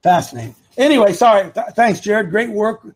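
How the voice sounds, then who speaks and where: On a live opinion talk show, a male host with a voice that sits high talks a little fast. He rambles, repeating points for emphasis as he speaks to his producer and the chat.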